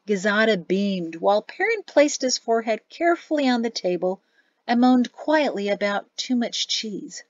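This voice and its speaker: A woman's voice: medium pitch, moderate pace, no echo. Give me a woman narrating an audiobook in a dry, slightly dull recording. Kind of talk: scripted narration.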